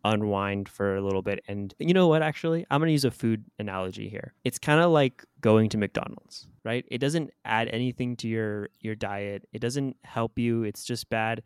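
A man's voice: mid-range voice, lively intonation, moderate pace, hardly any pauses, smooth, no echo. A man in his twenties co-hosting a movie review podcast, chatting casually and rambling through food analogies. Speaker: podcast co-host. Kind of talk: casual chat.

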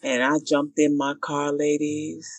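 A woman's voice: low voice, a little slow, a little hiss or hum. A woman in her thirties telling a dramatic story in casual chat, acting out the people in it. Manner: animated, dramatic, acts out voices.

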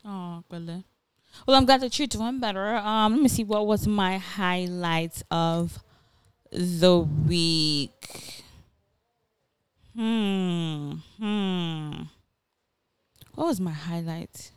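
A woman's voice: on the low side, clean tone, no echo. A woman co-hosting a podcast in casual chat, playful and teasing. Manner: playful, teasing, quick to laugh. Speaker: podcast co-host.

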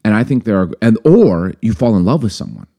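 Deep-voiced man telling a story. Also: a little fast, breathy edge. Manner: storytelling, animated, acts out quoted dialogue. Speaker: podcast host. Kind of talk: casual conversational podcast.

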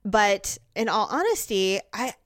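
A woman's voice: mid-range voice, unhurried, no echo, clean studio sound. A woman telling a long funny story in casual chat and acting out the people in it. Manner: animated storytelling, acts out quoted voices.

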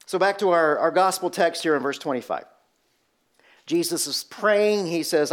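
Storytelling preacher, man with a fairly high voice. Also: normal speed. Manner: storytelling preacher, asks rhetorical questions. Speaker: pastor. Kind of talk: sermon.

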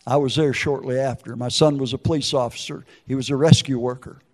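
A man's voice: medium pitch, fairly even intonation, a little fast, darkish tone, in a large hall. An older man, preaching an emotional testimony and acting out the quotes in his story. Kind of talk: testimony sermon.

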